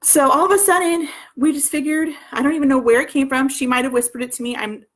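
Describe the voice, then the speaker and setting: A woman's voice: high-pitched, steady tone, quick pace. A woman in her thirties, a homeschooling mother telling her story in a rambling way, full of restarts and asides. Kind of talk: personal storytelling.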